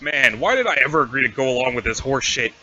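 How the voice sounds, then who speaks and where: A man voicing an aloof, sarcastic teenage boy in a webcomic reading, flat and swearing often. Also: medium pitch, fast talker, dull audio, slight background noise. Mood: irritated. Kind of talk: reading a webcomic aloud with voices.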